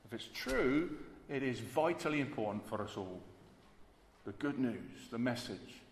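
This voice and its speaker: A man's voice: medium pitch, lively intonation, a little slow, slight background noise. Emphatic male preacher in echoey hall. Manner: emphatic, repeats key words. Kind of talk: sermon. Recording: echoey hall with faint ambience.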